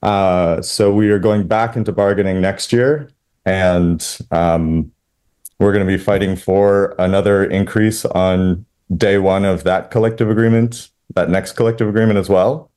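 A union representative, a man, answering an interview in a halting way, with many ums and uhs. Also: low voice, fairly even intonation, a little mellow. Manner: hesitant, with many fillers.

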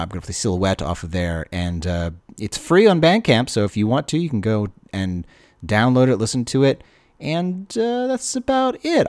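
A man's voice: fairly low pitch, darkish tone, dry recording, studio quality. Rambling man hosting college radio. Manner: rambling, self-deprecating, many fillers. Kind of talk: casual radio show chatter. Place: radio studio.

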